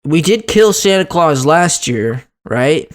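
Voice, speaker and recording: A man with a slightly higher voice joking his way through a tabletop game, laughing often and slipping into voices for his character. He talks in loose, rambling bursts full of fillers. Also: lively intonation, takes it slowly. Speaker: player. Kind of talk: tabletop role-play banter.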